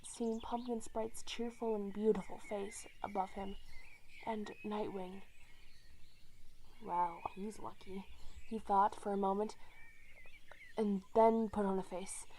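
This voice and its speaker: A woman narrating her own fan story in an unhurried, homemade reading. She sometimes stumbles and corrects herself, keeping a middling pitch. Faint background sounds sit under her voice. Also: flat delivery, mellow, a little hiss or hum.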